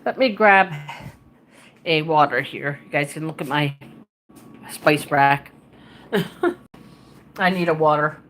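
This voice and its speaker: Slow, chatty woman live-streaming from home. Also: low voice, fairly bright tone, a little hiss or hum. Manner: chatty, muttering to herself while searching a map. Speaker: livestreamer. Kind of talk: casual live-stream chat. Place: at home, indoors. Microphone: handheld phone.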